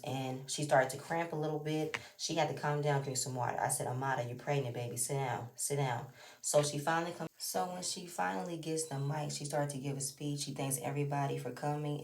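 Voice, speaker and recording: Opinionated low-voiced woman recapping a show. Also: darkish tone, recorded from a distance. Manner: chatty, opinionated, talks straight to the viewer. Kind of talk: casual recap commentary. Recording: roomy echo, away from the mic.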